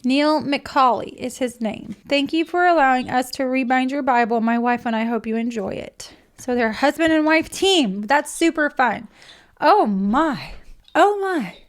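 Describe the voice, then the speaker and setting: A woman's voice: high-pitched, normal speed, hardly any pauses. A woman chatting casually through an unboxing, emotional and gushing, near tears at times. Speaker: vlogger.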